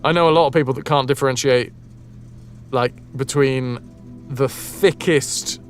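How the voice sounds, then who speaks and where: A man with a northern English Yorkshire accent chats away while he plays, musing aloud and answering his viewers. His voice sits at an ordinary middle pitch. Faint music plays behind him. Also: fairly even intonation, a little slow. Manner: chatty, reads out and answers chat messages, muses aloud. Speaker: streamer. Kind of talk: casual live-stream chat while gaming.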